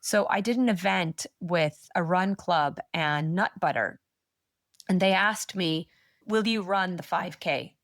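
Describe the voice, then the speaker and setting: A woman in her thirties chats as a manifestation coach on a podcast, storytelling with quick asides and a blunt, encouraging edge. Her voice sits slightly low. The recording is close and dry with no room sound. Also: animated, a bit bright, no room sound. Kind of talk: casual podcast interview chat.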